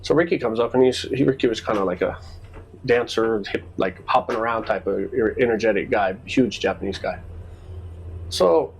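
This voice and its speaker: A man's voice: fairly low pitch, normal speed, vocal fry, rough recording. A man chatting casually on a podcast, telling stories and acting out the people in them. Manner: animated storyteller acting out quoted exchanges. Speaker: podcast co-host. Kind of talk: casual storytelling chat.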